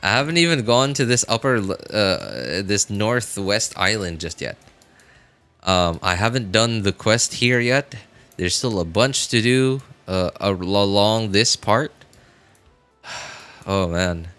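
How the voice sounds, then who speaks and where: A man's voice: lowish voice, animated, slow, fairly bright tone, smooth. A man on a casual gameplay livestream, sleepy and yawning, rambling as he talks back to his viewers' chat. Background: faint game music.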